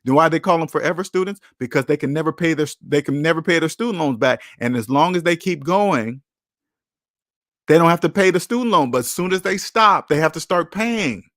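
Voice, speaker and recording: A man's voice: on the high side, lively intonation, fairly quick, fairly bright tone, no room sound, clean studio sound. A man hosting a personal finance livestream who talks bluntly to his chat, lectures like a preacher and repeats his key phrases for emphasis. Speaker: personal finance channel host. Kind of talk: livestream talk answering chat.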